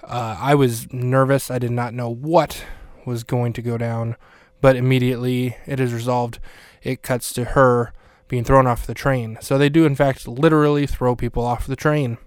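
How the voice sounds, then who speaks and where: A man hosting a podcast, recapping a scene in a casual way with wry, deadpan asides. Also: medium pitch, normal speed, clear, resonant tone, no echo. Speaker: podcast host.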